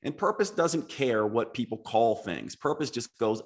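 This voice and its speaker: A man's voice: medium pitch, animated, unhurried. A man speaking as a podcast guest, explaining his ideas earnestly and in structured steps. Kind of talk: casual podcast conversation.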